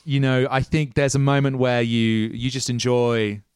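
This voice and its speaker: Man, game master, musing, hesitant, smooth voice, mid pitch, dry room. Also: little pitch movement, normal speed, a little mellow, dry recording. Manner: musing, hesitant with many restarts, often laughing. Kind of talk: narrating a tabletop role-playing game.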